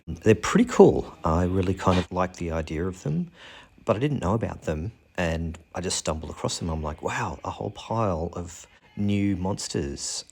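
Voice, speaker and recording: A man's voice: low voice, creaky, a little mellow, husky. A man casually talking through fantasy monster art, joking and making puns along the way. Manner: jokey, punning, self-deprecating. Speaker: channel host.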